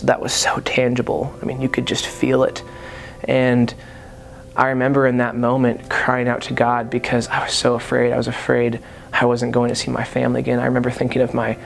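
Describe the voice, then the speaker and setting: A man telling the story of his own crash as a personal testimony, hesitant and full of pauses. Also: mid-range voice, gravelly.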